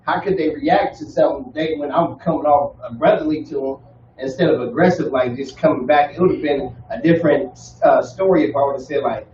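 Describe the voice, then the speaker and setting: A man in a group telling a relaxed anecdote, with hesitant fillers. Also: a little high, brisk, a little hiss or hum. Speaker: group member. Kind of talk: storytelling in casual chat. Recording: distant echoey lo-fi recording.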